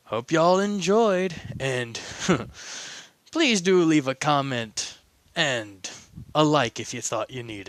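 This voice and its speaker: Casting: male narrator, slow animated reading, dry close mic. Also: mid-range voice, no echo. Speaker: fan story narrator. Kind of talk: casual audio story reading.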